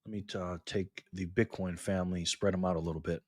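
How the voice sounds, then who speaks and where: A man hosting a live stream and reading out viewer comments in casual chat, excitable and chatty, his pitch and volume swinging widely. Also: fairly quick, slightly rough, no echo, studio quality.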